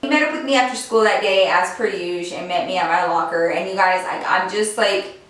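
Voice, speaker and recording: A woman's voice: mid-range voice, brisk, a bit bright. Chatty woman in an echoey room. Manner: chatty, fillers with "like", swearing. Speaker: beauty and storytime vlogger. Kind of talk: casual storytime chat to camera. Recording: very echoey room, distant mic.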